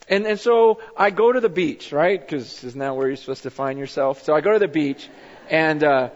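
High-voiced man preaching in echoing hall. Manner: conversational storytelling, repeats words, rises to emphatic. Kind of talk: sermon. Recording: dull sound with long reverb in a hall.

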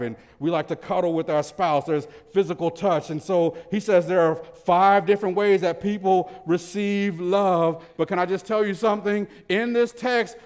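A male pastor preaching a sermon in a church, animated, swinging between loud emphasis and soft low asides. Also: smooth. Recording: reverberant church hall.

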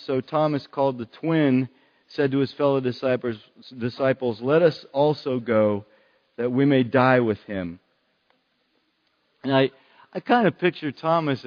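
A man's voice: mid-range voice, dull audio. A man preaching a sermon in an earnest way, repeating phrases for emphasis.

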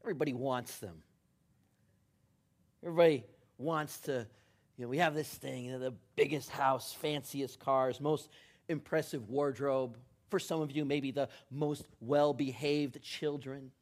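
A man preaching as a pastor, who tells jokes and leads a prayer in a lively storytelling manner. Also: mid-range voice, unhurried. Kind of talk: sermon.

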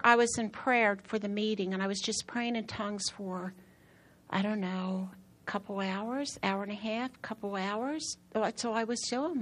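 Lively higher-voiced woman preaching. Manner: animated storyteller, voice climbing high when excited; repeats phrases for emphasis. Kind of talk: sermon with personal testimony.

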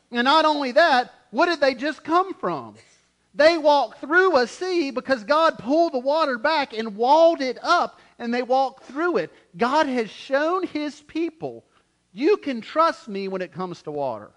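A man preaching a sermon as pastor, in an animated way, acting out quotes and often repeating words as he starts a phrase. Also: high voice.

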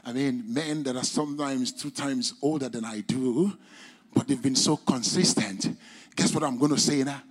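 A man preaching a sermon in English with a non-native accent, using formal, old-fashioned wording and swinging between loud, high exclamations and quiet, low drops. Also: moderate pace, husky. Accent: non-native English accent, speaker's own mention. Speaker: pastor.

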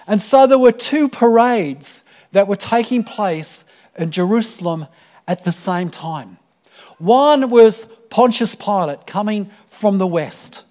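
A man's voice: high voice, darkish tone. A man preaching a sermon to a church congregation, earnest and full of fillers and repeated words. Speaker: pastor.

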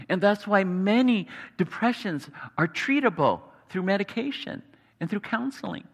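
A man preaching a sermon earnestly, sometimes dropping to a hushed tone. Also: high-pitched, big-room sound. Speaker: pastor.

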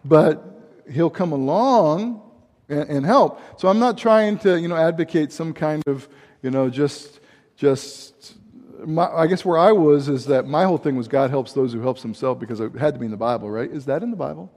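A man's voice: on the high side, expressive, moderate pace, a little mellow. A middle-aged man preaching a sermon as pastor, in a loose conversational way with asides and restarts. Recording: long hall reverb.

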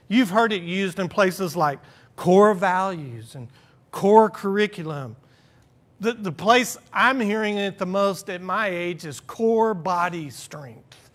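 High-voiced pastor preaching a sermon. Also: male voice, fairly bright tone. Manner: earnest preaching with self-deprecating humor.

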